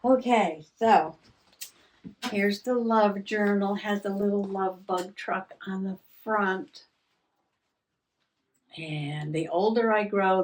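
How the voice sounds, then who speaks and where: A woman hosting a relaxed, chatty journaling vlog at her craft table, musing aloud with soft laughs. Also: medium pitch, drawn-out words, pauses often. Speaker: journaling vlogger. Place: home craft table indoors. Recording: voice a little distant from mic.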